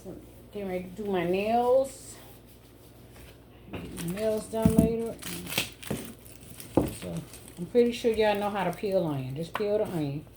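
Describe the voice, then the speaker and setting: A woman with a medium-pitched voice speaks unhurriedly and pauses often, over loud background noise. She's a home cook vlogging, chatting casually with viewers and calling them y'all and baby.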